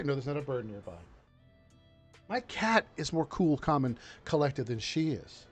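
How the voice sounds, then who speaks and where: A man hosting a political commentary podcast from his home studio, riffing in a mocking, crude, animated way. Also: medium pitch, moderate pace, husky, soft background music. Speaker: podcast host.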